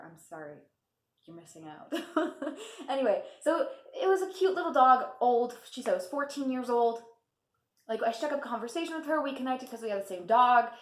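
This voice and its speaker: Brief: young woman, casual storytime vlogger, giggly and rambling, roomy echo. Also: fairly high pitch. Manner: chatty, laughs often, lots of fillers. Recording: echoey room.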